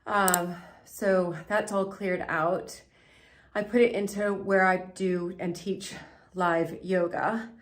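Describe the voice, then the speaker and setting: A woman's voice: lowish voice, steady tone, slow pace. An American woman hosting a vlog, talking in an emotional, rambling way while filming in a manor house cellar. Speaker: vlog host. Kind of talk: casual vlog talk. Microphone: handheld camera she is filming with.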